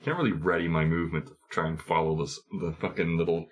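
A man playing in a tabletop game, speaking in a hesitant, halting way. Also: low voice, fairly even intonation. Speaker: player. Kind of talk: casual tabletop game chat.

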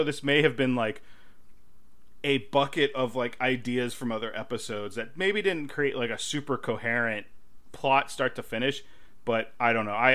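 A man co-hosting a podcast in casual chat, laughing often and acting out quoted lines. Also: mid-range voice. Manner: laughing often, quoting lines in animated voices. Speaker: podcast co-host. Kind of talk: casual chat about a sitcom episode.

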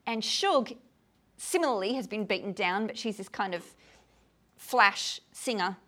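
A woman gives a talk on a poem to a gathered group in a room, tired, animated and often checking that her listeners follow. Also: medium pitch, a little slow. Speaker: lecturer on poetry.

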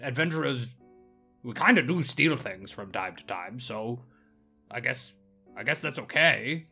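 A man's voice: a little high, pushed and bright, slightly rough, full character voice. A man voicing a curious, nervous male creature adventurer in a tabletop game who asks hesitant, stammering questions.

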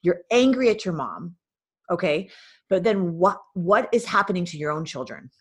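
A woman's voice: lowish voice, lively intonation, moderate pace, breathy edge. A woman hosting a spiritual healing session, coaching a caller and guiding a visualization with direct, insistent instructions. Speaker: host and spiritual healer.

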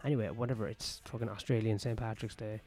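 Profane joking man, low mellow voice. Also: fairly even intonation, fast talker. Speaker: stand-up comedian. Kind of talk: casual rambling vlog. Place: outdoor back patio.

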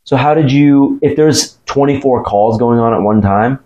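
A man's voice: medium pitch, moderate pace, darkish tone, lo-fi sound. A man with a Southern US accent hosting a casual interview, prompting his guest with short, curious questions. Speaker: podcast host.

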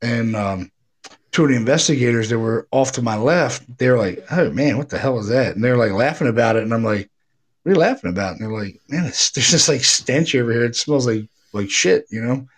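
A man's voice: medium pitch, a little fast, husky. Rambling, salty-mouthed man telling a ghost story. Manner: rambling, profane, animated retelling with acted quotes. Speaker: paranormal investigator guest. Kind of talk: casual storytelling chat.

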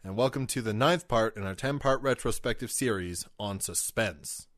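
A man's voice: fairly low pitch, normal speed, a bit bright, no room sound. A man co-hosting a podcast in casual chat, dry and playful. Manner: dry, playful, puts on goofy announcer bits. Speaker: podcast co-host.

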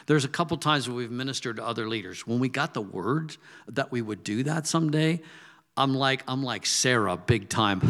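A man's voice: medium pitch, normal speed. Conversational Midwestern preacher man. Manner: conversational, animated storytelling with quoted asides. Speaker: pastor. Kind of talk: sermon.

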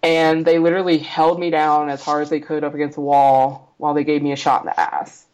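A woman's voice: deep voice, level tone, a little fast, darkish tone, smooth, low-quality recording. A woman guest on a podcast, telling a personal story in a blunt, profane way, often laughing and acting out what others said.

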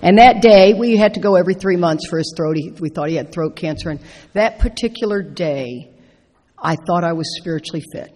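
A middle-aged woman telling a personal story as a speaker at a recovery convention, animated and laughing as she acts out her own lines. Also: lowish voice, fairly quick. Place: large convention hall. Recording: echoey hall reverb.

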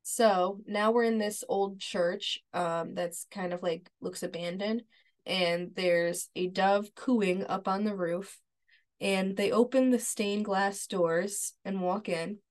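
A woman's voice: mid-range voice, fairly even intonation, slow pace. A woman co-hosting a podcast, chatting casually and retelling scenes from an episode step by step. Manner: agreeable, many fillers like "like" and "yeah". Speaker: podcast co-host. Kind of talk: casual chat, recapping a TV episode.

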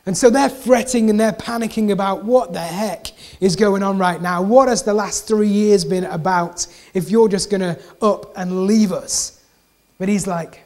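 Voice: medium pitch, moderate pace. Preacher repeating lines for emphasis. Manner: repeats key phrases for emphasis; relaxed, chatty asides. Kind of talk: conversational sermon.

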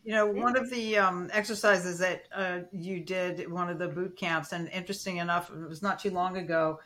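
A woman co-hosting a podcast, speaking in a reflective, measured way. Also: lowish voice, fairly even intonation, a bit bright. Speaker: co-host. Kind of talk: casual podcast chat.

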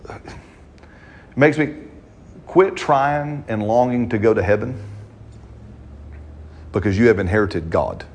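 In a fairly low, darkish voice, a pastor delivers a fervent sermon during a church service, stretching scripture lines with slow, drawn-out stress and adding amens often.

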